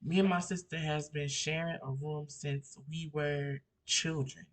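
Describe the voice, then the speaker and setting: A man's voice: a little high, fairly even intonation, unhurried. A young man in his twenties with a somewhat raised voice tells a personal story for his vlog. He rambles emotionally, circling back with fillers and restarts as he recounts it from home. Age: 20s. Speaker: vlogger.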